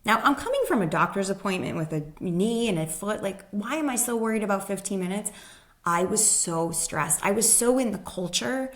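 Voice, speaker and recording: A woman's voice: mid-range voice, lively intonation, normal speed, fairly bright tone. A woman guest, a human design expert, telling a personal story in casual conversation and acting out the people she quotes.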